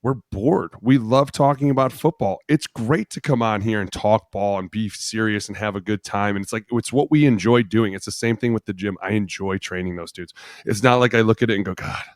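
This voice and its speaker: Low-voiced profane former football player. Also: male voice, brisk, dry recording, studio quality. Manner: profane, animated storyteller acting out voices. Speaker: podcast co-host, former NFL player. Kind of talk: casual chat.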